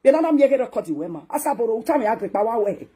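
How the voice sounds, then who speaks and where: A woman with a Nigerian accent, a social media talk show host delivering a scolding, ranting monologue that swings between loud outbursts and hushed muttering. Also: on the high side, big pitch swings, very fast, a little hiss or hum.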